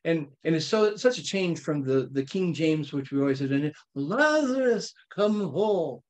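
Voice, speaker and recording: A man teaching an informal Bible study, talking with his listeners in a lively, playful way and often checking in with them. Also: on the high side, moderate pace. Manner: conversational, checks in with frequent "okay?".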